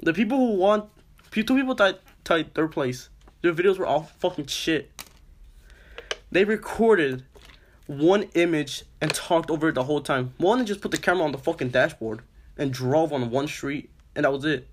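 A man's voice: on the high side, animated, moderate pace, slight background noise. A young man co-hosting a casual podcast, telling a story with lots of swearing and "I was like" quotes. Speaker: podcast co-host.

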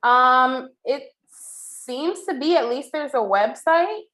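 A woman's voice: high-pitched, expressive, takes it slowly, fairly bright tone. A woman co-hosting a podcast in casual chat, chatty and slangy, laughing often. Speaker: podcast co-host.

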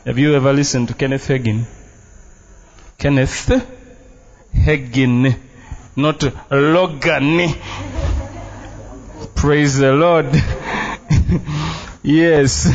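A man preaching a sermon as pastor in a church, emphatic and playful, dropping Luganda phrases into his English. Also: a little high. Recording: dull, muffled sound.

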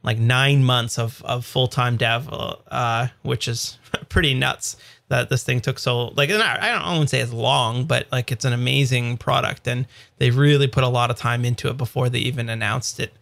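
Podcast co-host, man, thirties, crisp tense tone with fry, casual and full of restarts. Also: medium pitch, fairly even intonation, moderate pace, fairly bright tone. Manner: rambling storyteller with many fillers and restarts. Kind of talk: casual chat.

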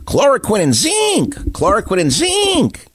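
A man doing a mocking impression of an excitable male TV pundit, pitched far above his own voice. The figure chants in a shrill, shouting voice. The sound is dry and close. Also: measured pace, slightly rough, no room sound, exaggerated voice.

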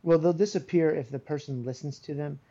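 A man's voice: a little high, a little fast, mellow, breathy edge, lo-fi sound. A man in casual chat, explaining his pet peeves in a matter-of-fact way.

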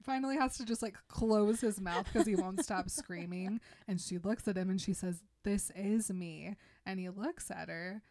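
A young woman in casual chat, animatedly retelling a film and slipping in quick voices for its characters. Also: medium pitch, darkish tone. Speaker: podcast co-host retelling a film.

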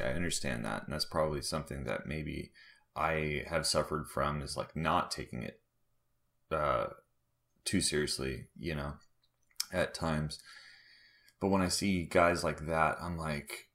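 A man's voice: rumbling low, measured pace, vocal fry, long pauses, a bit bright. A man in casual conversation, telling loose, profane, rambling anecdotes. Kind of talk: casual chat, storytelling.

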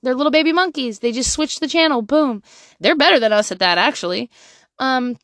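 A woman in her thirties, a mother giving frank, profane parenting advice in a candid monologue. She laughs often and swings from quiet asides to loud bursts. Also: high-pitched, a little fast, no room sound, studio quality.

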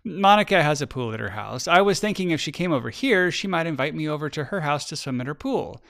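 A man voicing an anxious young schoolgirl who pleads and rushes her words in a storybook reading. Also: fairly high pitch, animated, vocal fry, fairly bright tone. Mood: pleading.

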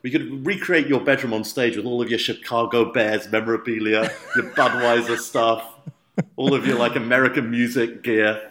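A man's voice: mid-range voice, steady tone, moderate pace, noisy background. Man in playful banter, echoey room. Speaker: podcast co-host. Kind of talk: casual chat.

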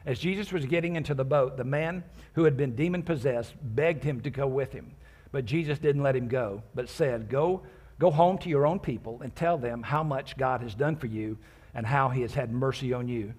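Jokes for the congregation punctuate this pastor's sermon as he reads scripture verse by verse and explains it in an easygoing, conversational style. He speaks at normal speed in a medium-pitched, darkish voice that is husky and a touch breathy.

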